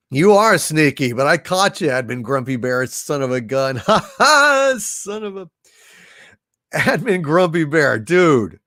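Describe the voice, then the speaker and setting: A sniffly man hosts a casual livestream and reads viewer messages aloud, breaking into loud exclamations between them. His fairly high voice swings widely in pitch while his pace stays slow and unhurried. The sound is dry and close. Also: no room sound. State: sniffly and irritated throat from allergies.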